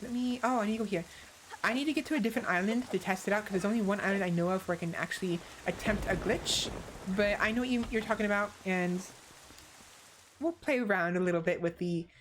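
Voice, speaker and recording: A woman's voice: medium pitch, fast, slight background noise, low-quality recording. A woman streamer talking casually to her viewers while she plays a game. She rambles, corrects herself and greets viewers by name. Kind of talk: casual live-stream gaming chat.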